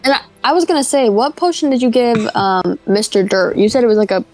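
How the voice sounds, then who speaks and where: A woman's voice: a little high, a little fast, darkish tone, poor audio. Hesitant woman player thinking aloud. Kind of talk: casual tabletop game chat.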